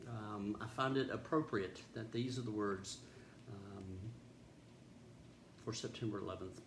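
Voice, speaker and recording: A man's voice: fairly low pitch, darkish tone. A man serving as pastor, reading scripture and giving a reflective, earnest devotional talk. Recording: roomy echo with faint background noise.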